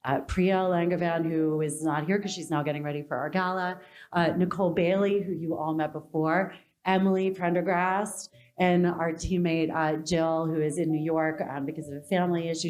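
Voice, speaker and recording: A woman's voice: low voice, little pitch movement, a little fast, a little mellow. A woman hosting a live event, giving emotional, gushing thanks in her closing remarks. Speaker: event host. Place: conference hall with an audience.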